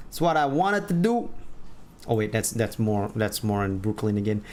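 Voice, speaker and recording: A man's voice: lowish voice, big pitch swings, moderate pace, a little mellow. A man streaming a game live, chatting casually in a rambling way, correcting himself and laughing at himself.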